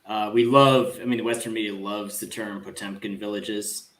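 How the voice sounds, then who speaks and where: A man's voice: on the low side, fairly even intonation, normal speed, echoey room. A man appearing as a guest on a political discussion podcast, speaking in a sardonic, dismissive way.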